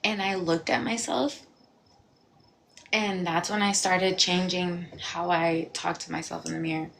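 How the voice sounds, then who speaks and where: A woman's voice: fairly low pitch, unhurried, vocal fry, slight background noise. Candid woman talking on a livestream. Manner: candid, animated, with bursts of laughter; reflective and confessional. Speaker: livestream host. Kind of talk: casual livestream talk. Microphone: phone.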